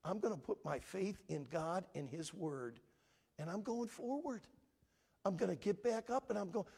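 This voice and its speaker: A husky man preaches an altar call in a church, his pitch rising and falling freely as he pleads. He speaks earnestly, voicing the prayers his listeners might say. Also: darkish tone. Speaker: pastor. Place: church sanctuary.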